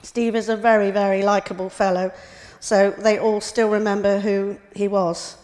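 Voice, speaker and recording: A woman's voice: medium pitch, little pitch movement, normal speed, a little mellow. A middle-aged woman giving a prepared personal talk as a carer, in a plain, matter-of-fact way. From United Kingdom. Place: hospital lecture room. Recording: reverberant hall.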